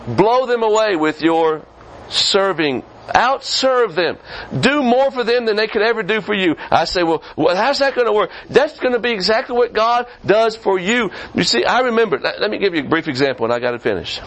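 A man preaching a sermon as pastor of a church, swinging from quick high rises down to low, slow stretches. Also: expressive, fairly bright tone, rough recording. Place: church sanctuary.

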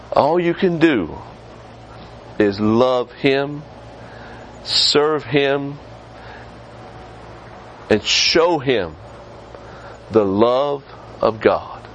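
A man preaching a sermon as pastor of a church, swinging from quick high rises down to low, slow stretches. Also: a bit bright, slight background noise, rough recording. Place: church sanctuary.

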